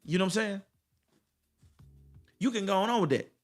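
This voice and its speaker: A man with a fairly high voice delivers a motivational monologue straight to his viewers. He talks in a casual, colloquial way and hammers his points home through repetition. His delivery has the rising cadence of a preacher. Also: moderate pace, faint music behind. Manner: colloquial, addresses viewers directly. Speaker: motivational speaker.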